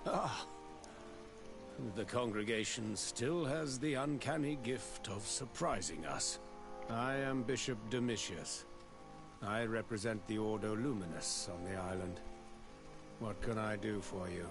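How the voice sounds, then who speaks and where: This is a proud video game bishop, who speaks in a slow, deliberate and sanctimonious way. His voice sits fairly low, with game music playing clearly underneath. Every line sounds sure of its own righteousness. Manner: stately, sanctimonious, measured. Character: proud zealous male bishop, suspicious of heretics.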